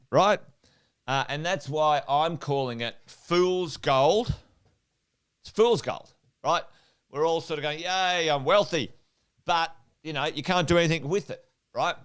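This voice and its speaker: A middle-aged man with an Australian accent coaches his livestream viewers, repeating key points and firing questions at them. His voice sits a little high and comes through smooth and clear. He keeps an energetic, chatty pace. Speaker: property investment coach. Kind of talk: whiteboard livestream talk.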